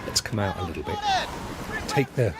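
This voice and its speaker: A man's voice: deep voice, lively intonation, normal speed, heavy background noise. A man from England hosting a live stream and chatting loosely while he plays, chuckling often. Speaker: gaming streamer host. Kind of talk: live gameplay commentary.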